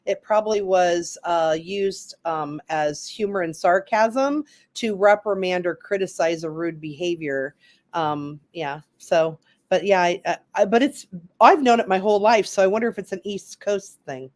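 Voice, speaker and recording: A woman's voice: on the low side, unhurried. A woman co-hosting a talk show, chatting casually with filler words.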